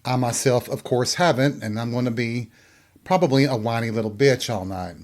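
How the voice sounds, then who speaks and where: A man's voice: mid-range voice, moderate pace. A man hosting his own show, ranting crudely and sarcastically. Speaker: podcast host. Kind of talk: profane comedic rant.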